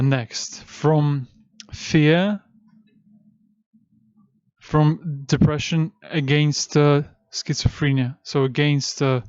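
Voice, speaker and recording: A man teaching a class who slowly repeats chanted syllables and tells listeners when to breathe in and out. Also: on the high side, clean tone, no room sound. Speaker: esoteric teacher. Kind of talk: slow lecture with chanted syllables. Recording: dull, dry, muffled recording.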